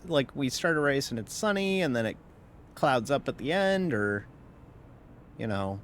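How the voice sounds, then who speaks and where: A tired man with a mid-range voice yawns his way through casual, rambling live-stream commentary while sim racing, wry and swearing now and then. There's slight background noise.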